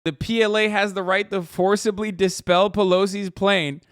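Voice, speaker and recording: A man's voice: high voice, steady tone, moderate pace, clear, resonant tone, no room sound, studio quality. A man in his thirties, a live streamer, ranting sarcastically with heavy swearing in casual commentary.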